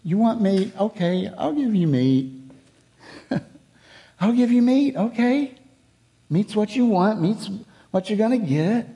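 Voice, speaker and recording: A man voicing God as exasperated yet wryly amused, with drawn-out, sardonic repetition. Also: sits high, animated, mellow, heavily acted. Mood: wry exasperation.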